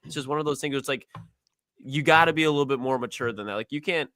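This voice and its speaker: A man's voice: medium pitch, sharp tone, no echo. A man co-hosting a sports talk show, blunt and filling his talk with "like". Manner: fast, blunt, says "like" a lot. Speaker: co-host.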